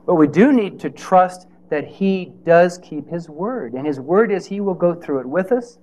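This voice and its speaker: A man's voice: high-pitched, lively intonation, measured pace, dark tone. A man preaching a sermon in a conversational way, with rhetorical questions and playful asides.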